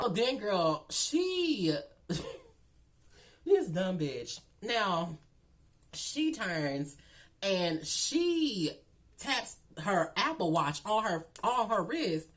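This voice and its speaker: A woman telling a story in a casual vlog, sassy, profane and animated, calling the listener girl. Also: medium pitch, takes it slowly. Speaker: vlogger.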